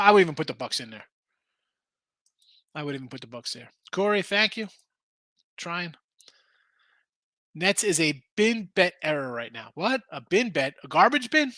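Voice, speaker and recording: A man's voice: a little high, sharp tone, no room sound. A man hosting a casual sports betting show, arguing picks animatedly and reading chat comments aloud.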